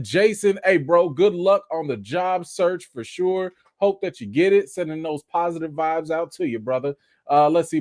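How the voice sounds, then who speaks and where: A man hosts a casual live stream, rattling off shout-outs to his viewers in an upbeat, chatty way. His pitch swings up and down a great deal, and he sits slightly high for a man. The sound is close and dry, with almost no room around it. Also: no room sound. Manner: laughs often, lively and chatty. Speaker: host of a live movie news chat.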